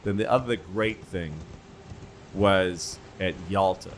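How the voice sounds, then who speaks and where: A low-voiced man spins rambling, profane stories as a comedy podcast host. He talks with animated energy over clear background noise. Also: slow pace. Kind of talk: casual comedy podcast storytelling. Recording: noisy podcast recording.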